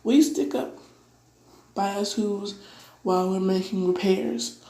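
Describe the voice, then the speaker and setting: A woman's voice: mid-range voice, steady tone, measured pace, reverberant, lightly acted, poor audio. A woman piping as a tiny grateful mayor. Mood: pleading. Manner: piping, bright and polite.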